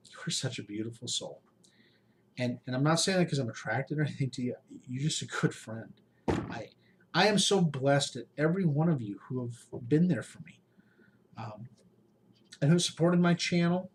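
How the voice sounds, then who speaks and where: A man in his late forties speaks to his followers in a heartfelt, pleading voice at an ordinary pitch, often halting on restarts and sighs. A faint hum of noise sits behind the recording. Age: 40s. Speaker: YouTube game master channel host. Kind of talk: emotional personal update to followers.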